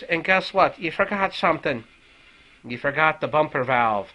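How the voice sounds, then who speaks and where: A man's voice: on the high side, moderate pace, rough recording. A man with an Irish accent, a paramedic telling a work story as a profane, swearing rant. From Ireland. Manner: animated, swearing heavily.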